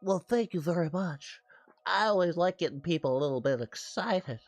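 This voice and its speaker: A man putting on a deep, slow, seductive voice to play a doting male suitor who calls the listener his princess. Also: expressive, no room sound, soft background music.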